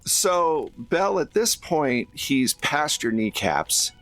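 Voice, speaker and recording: A man as game master, narrating scenes in a measured, descriptive way. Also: on the high side, big pitch swings, a bit bright.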